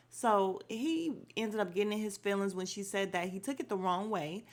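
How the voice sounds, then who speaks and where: A woman talks through a reality show episode in a chatty, opinionated way, dropping slang as she goes. Her voice sits at an ordinary middle pitch, and her delivery is loose and conversational, like a podcast recap. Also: normal speed, hardly any pauses. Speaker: podcast host.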